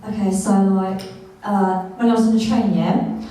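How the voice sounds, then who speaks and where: A woman's voice: mid-range voice, steady tone, normal speed, dark tone, lightly acted. A young woman, acting out a sweary, exasperated girl complaining about trains in an improvised comic monologue. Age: young adult. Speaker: student actor. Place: university rehearsal room. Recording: echoey rehearsal room, mic far off.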